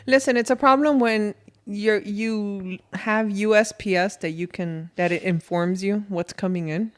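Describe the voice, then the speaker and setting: A woman co-hosting a podcast, chatting casually in an animated, rambling way with laughs. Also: mid-range voice, measured pace. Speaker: podcast co-host. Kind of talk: casual chat.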